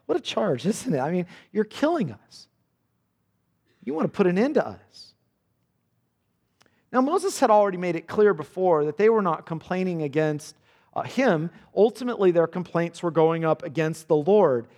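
A man's voice: high-pitched, expressive, normal speed, a little mellow. A man preaching a sermon, earnest and intense, repeating words as he builds each point. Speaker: pastor. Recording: long hall reverb.

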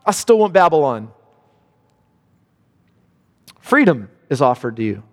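A man preaching a sermon with impassioned delivery, dropping low and quiet then rising to high exclamations. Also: big pitch swings, measured pace, pauses often, in a large hall. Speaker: pastor.

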